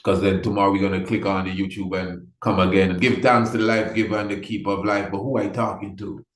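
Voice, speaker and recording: A man's voice: sits low, little pitch movement, fast, reverberant. A man hosting an online talk, earnest and often repeating himself for emphasis. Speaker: host. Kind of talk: impassioned livestream talk.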